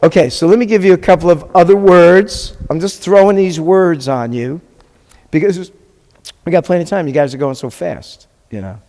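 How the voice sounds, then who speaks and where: A man teaching a beginners' language class, chatty and patient, often quizzing the room. His voice sits a little high for a man. It rings with the long reverb of a classroom. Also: normal speed, mellow. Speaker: rabbi teaching a Hebrew class. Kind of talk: classroom teaching with questions to students.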